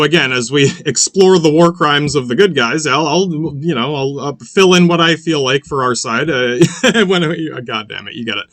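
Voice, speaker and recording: A man's voice: mid-range voice, a bit bright, no echo. A man hosting a podcast, rambling through political commentary in a profane, sardonic way, full of "yeah, yeah" fillers and restarts. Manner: sardonic, mocking. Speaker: podcast host.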